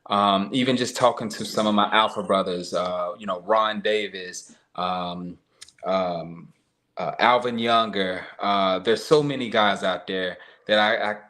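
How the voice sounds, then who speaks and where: Guest on a live-stream talk, man, low voice, earnest, filler-heavy. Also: a little slow, sharp tone.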